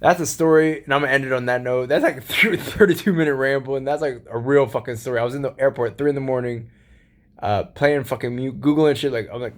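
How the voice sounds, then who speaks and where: A man of medium pitch speaks at a quick pace, giving a rambling late-night monologue as a solo vlogger. His talk is casual and profane with relaxed slang, and laughter keeps slipping in as he speaks.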